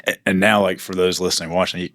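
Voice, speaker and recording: A man with a low voice hosts a casual podcast interview. He chimes in with short affirmations and laughter, recorded dry and a little off the mic. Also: level tone, fast, fairly bright tone, dry recording. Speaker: podcast host.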